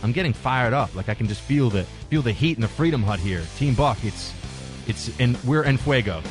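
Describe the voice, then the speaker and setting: A male radio host talking through calls and upcoming segments, with joking asides and quick restarts. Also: medium pitch, lively intonation, soft background music. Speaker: radio talk show host. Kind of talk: talk radio monologue and call-in chat. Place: radio studio. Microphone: close studio mic.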